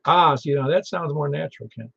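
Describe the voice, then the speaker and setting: A man hosting a ham radio net in casual chat, chatty and quick to tell stories. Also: a little high, gravelly, fairly bright tone, slightly rough. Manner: chatty, storytelling, laughs easily. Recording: muffled lo-fi radio audio.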